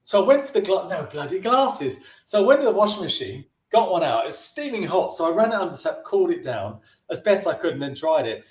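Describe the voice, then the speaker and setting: This high-pitched man is very animated and talks fast with hardly any pauses, his darkish voice sounding roomy. As a filmmaker being interviewed, he spins a long, casual anecdote, restarting sentences often and briefly mimicking the people he describes.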